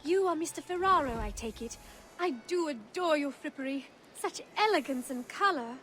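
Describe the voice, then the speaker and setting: A woman's voice: high voice, expressive, moderate pace, a bit bright, faint music behind. An actress playing a flirtatious, nosy society lady in a video game. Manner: flirtatious, gushing.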